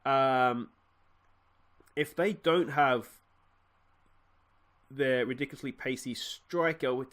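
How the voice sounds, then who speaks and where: Chatting casually through his football management game, an Australian-accented man hosting a let's play bursts into excited yells as goals go in. He speaks at a medium pitch, taking his time with long pauses.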